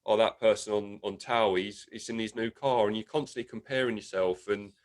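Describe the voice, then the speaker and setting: A man's voice: on the low side, fairly even intonation, brisk. A young man hosting a casual interview, chatty and often restarting his words. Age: young adult. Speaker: host.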